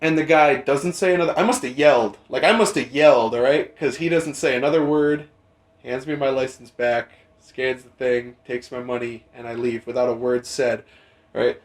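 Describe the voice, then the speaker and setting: A young man hosting a podcast, telling a rambling, profane story in casual chat and jumping into animated quoted voices. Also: medium pitch, normal speed. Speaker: podcast host. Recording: roomy echo.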